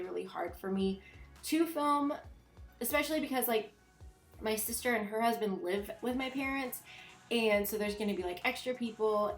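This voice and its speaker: Young woman, congested nasal voice, chatty rambling vlog voiceover, roomy sound, faint music behind. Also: medium pitch. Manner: rambling, chatty, many fillers. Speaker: vlogger. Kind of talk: casual voiceover chat.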